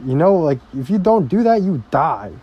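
A man's voice: fairly high pitch, very animated, breathy edge, highs cut off. A young man ranting casually and profanely on a vlog, rambling from topic to topic. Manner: rambling, heavily profane, slow-paced. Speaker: vlogger.

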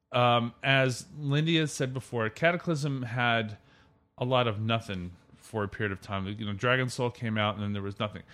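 A man's voice: medium pitch, a bit bright. Chatty man hosting a gaming podcast. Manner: chatty, opinionated, leads the topics. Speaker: podcast host. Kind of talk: casual gaming podcast chat.

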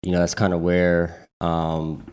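A man's voice: sits low, monotone, unhurried, darkish tone, smooth. A man in his twenties, a guest who owns an apparel company, talking in a laid-back way and repeating short phrases. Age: 20s. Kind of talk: casual podcast chat.

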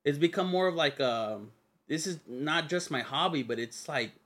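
A man's voice: on the high side, animated, moderate pace, a bit bright. A young man co-hosting a podcast in casual chat, joking and swearing freely. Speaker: podcast co-host.

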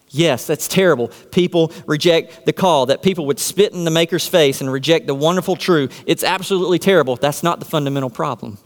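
Pastor guy preaching, kinda high voice, lots of questions he answers himself, big echoey church hall. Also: brisk. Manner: emphatic, rhetorical questions answered aloud. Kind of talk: sermon.

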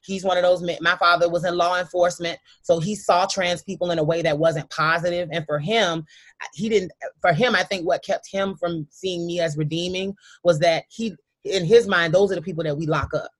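A woman telling a heartfelt personal story as a guest, emphatic and sometimes halting, often speaking straight to the listeners. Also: on the low side, fairly even intonation.

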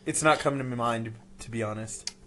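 A man's voice: medium pitch, brisk, fairly bright tone. Young male guest, sarcastic, loose rambling chat. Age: young adult. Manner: rambling, sarcastic, many fillers. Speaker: podcast guest, youth group leader. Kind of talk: casual chat.

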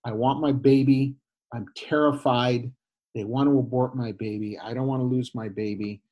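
A man, a former missionary, telling a personal story in a guest interview, animated and full of restarts and quoted voices. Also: mid-range voice, normal speed. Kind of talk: conversational storytelling.

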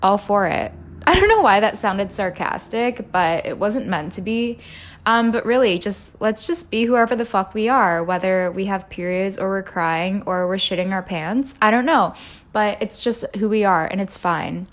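A woman's voice: medium pitch, normal speed. A woman in her twenties hosting a casual solo podcast, candid and chatty, laughing often and swearing freely. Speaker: podcast host.

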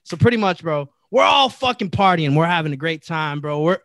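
Young man, casual storytelling, animated, profane, high voice, bright, dry close sound. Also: fairly quick, no echo. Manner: animated, profane, says "bro" constantly. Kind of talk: casual storytelling among friends.

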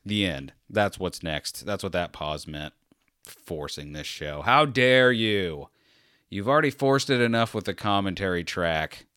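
A man's voice: on the low side, a bit bright, clean tone, no room sound, clean studio sound. Tired, rambling male podcast host. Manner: self-deprecating, sarcastic, meandering. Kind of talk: rambling solo podcast talk.

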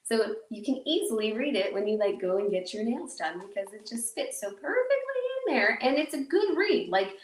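Recorded far from the mic in an echoey room, this podcast host speaks a little high with big pitch swings, at a moderate pace and with hardly any pauses. She rambles casually through her solo show, poking fun at herself and using lots of fillers.

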